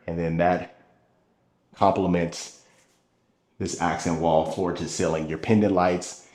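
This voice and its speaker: A man's voice: low voice, reverberant, big-room sound. A man hosting a home tour, narrating room by room with upbeat, salesy enthusiasm.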